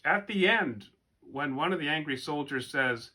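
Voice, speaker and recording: A man telling a folk tale for children and then asking his listeners gentle questions, with animated, expressive delivery. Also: a little high, normal speed. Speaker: storyteller. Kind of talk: storytelling for children.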